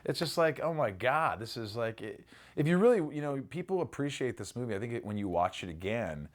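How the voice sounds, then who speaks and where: A man's voice: mid-range voice, lively intonation, a little fast. A middle-aged man, an actor in a casual interview, telling stories animatedly, swearing freely and acting out lines.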